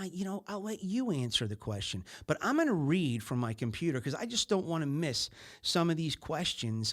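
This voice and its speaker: Animated man hosting a business show. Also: a little high. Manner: animated, acts out little scenes in other voices. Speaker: podcast host. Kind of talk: casual business talk.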